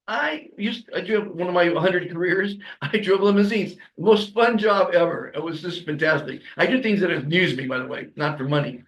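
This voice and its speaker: A podcast host from Los Angeles delivers a rambling, emphatic motivational monologue, chuckling through his asides. His voice is high and a bit bright, at a normal speed, and the recording quality is poor.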